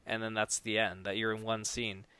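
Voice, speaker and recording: A man's voice: fairly low pitch, level tone, moderate pace, crowd noise. A man talking casually on a podcast about making no-budget films, rambling with many restarts and acting out quoted dialogue. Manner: acts out quoted dialogue loudly. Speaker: podcast guest, no-budget filmmaker.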